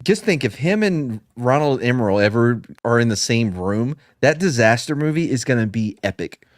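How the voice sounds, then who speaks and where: A man's voice: mid-range voice, lively intonation, normal speed, dry recording. Joking, profane man in a dry room. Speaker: podcast co-host. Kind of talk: casual chat.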